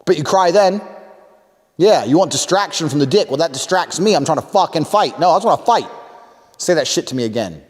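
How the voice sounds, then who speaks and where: A man's voice: a little high, expressive, fairly quick, long reverb tail. A man talking in a boastful, crude and provocative way in a recorded talk clip.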